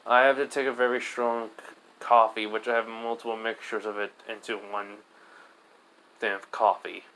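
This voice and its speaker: A man's voice: lowish voice, level tone, normal speed, fairly bright tone, poor audio. A man voicing a weary, earnest young male hero student who lectures at length.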